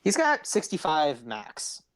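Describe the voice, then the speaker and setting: A man running a tabletop game as game master, narrating slowly with many fillers and tallying dice aloud. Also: fairly high pitch, huge pitch swings, a bit bright, poor audio.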